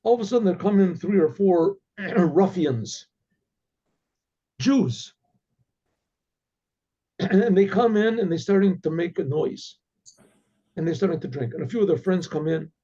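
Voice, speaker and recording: A male rabbi tells a story in a loose, conversational way, doubling back on his words. His voice is high pitched yet dark and husky. It comes through a dull, lo-fi recording. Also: animated, unhurried, pauses often. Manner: conversational, repeats words as he goes.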